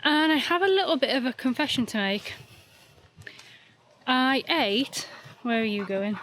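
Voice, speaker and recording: Chatty woman vlogging on a handheld cam, bit high voice, faint hiss behind. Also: measured pace, fairly bright tone. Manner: chatty, self-mocking, talks to her dog. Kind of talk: casual vlog narration. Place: outdoors on a dog walk and in a campervan.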